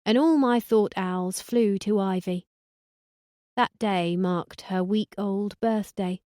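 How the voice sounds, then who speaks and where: A woman's voice: mid-range voice, slow, dark tone, no echo, clean studio sound. A woman reading first-person narration for an audiobook in a wry, sardonic tone.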